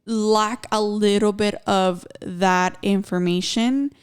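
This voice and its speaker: A woman's voice: mid-range voice, fairly even intonation, slow, clean tone. A woman co-hosting a casual podcast, talking in an earnest, reflective way and slipping in Spanish phrases. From Mexican-American. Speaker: podcast co-host.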